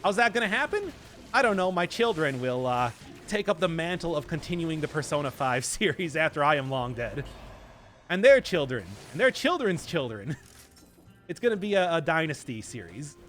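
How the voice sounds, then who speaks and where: This young Wisconsin game streamer has a Midwestern accent and laughs and chats through live commentary, giving words odd emphasis. His fairly high, slightly bright voice is sing-song at a normal speed, with slight background noise.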